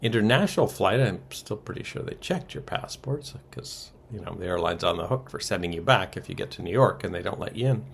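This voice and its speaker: A man's voice: sits low, animated, a little fast, gravelly, few pauses, slight background noise. A man co-hosting a podcast, casually recapping soap opera episodes with wry asides and chuckles. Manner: wry, chuckles through summaries, many ums and uhs.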